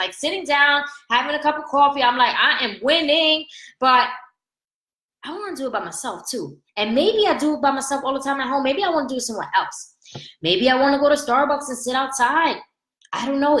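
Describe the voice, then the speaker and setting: A woman life coach giving an animated motivational talk, asking "right?" often and laughing between points. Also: sits high, roomy sound, poor audio.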